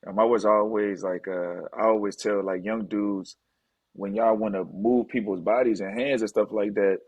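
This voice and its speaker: A man's voice: lowish voice, steady tone, moderate pace, a little mellow, no room sound, low-quality recording. A man in his thirties talking as a podcast guest, laid-back and explaining things casually. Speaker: podcast guest, former pro basketball player. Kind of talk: casual interview talk.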